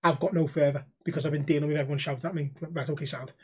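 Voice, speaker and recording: A man's voice: fairly high pitch, fairly even intonation, rapid-fire, breathy edge. A young man, co-hosting a podcast and telling stories in casual chat, swearing freely and acting out the people in them. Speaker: podcast co-host.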